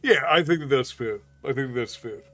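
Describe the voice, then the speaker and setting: A man's voice: mid-range voice, normal speed, a bit bright. A man from New York City, a streamer, chatting casually with viewers, reading their messages aloud and laughing often.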